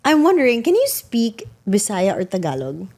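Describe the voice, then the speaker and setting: A woman's voice: on the high side, wildly swooping pitch, normal speed, a little mellow. A woman co-hosting a podcast in playful, chatty casual talk. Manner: playful, chatty, mixes in Tagalog. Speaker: podcast co-host. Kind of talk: casual chat.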